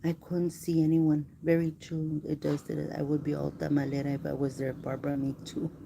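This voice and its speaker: A woman chatting casually with viewers on a live stream, often dropping into a hushed voice. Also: low voice, level tone, moderate pace, creaky. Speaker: livestream host. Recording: noisy phone livestream.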